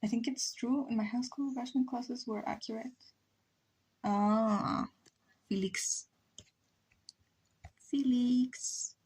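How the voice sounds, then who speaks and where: Slow-talking woman with a Spanish accent. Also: fairly high pitch, fairly even intonation, darkish tone, breathy edge. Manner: rambling, thinking aloud with fillers. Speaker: live streamer. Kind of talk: casual chat while drawing on stream.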